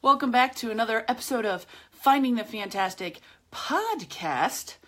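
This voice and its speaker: Woman podcaster, high voice, chatty slangy pep talk, straight to camera. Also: lively intonation, normal speed, fairly bright tone. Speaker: podcast host. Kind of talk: casual motivational monologue. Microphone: camera, speaking to viewers.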